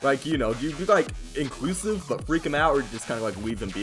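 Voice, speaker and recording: A young American man telling a story-time vlog, loud and hyped, often yelling into a close microphone. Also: medium pitch, lively intonation, fast, few pauses, soft background music. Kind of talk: casual storytelling.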